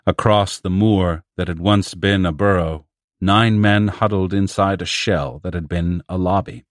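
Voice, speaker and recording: Deep-voiced man reading a story. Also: no echo, clean studio sound. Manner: steady, measured reading with raised voices for quoted characters. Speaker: narrator. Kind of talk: scripted audiobook narration.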